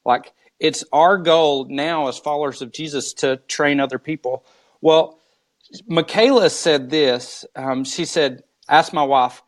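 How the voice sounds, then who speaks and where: Male pastor guest, slow storyteller, slightly high voice. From United States. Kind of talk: live video interview.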